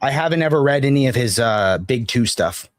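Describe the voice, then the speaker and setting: A man's voice: medium pitch, animated, brisk, no room sound. A man guest on a casual live stream, easygoing and eager to recommend things.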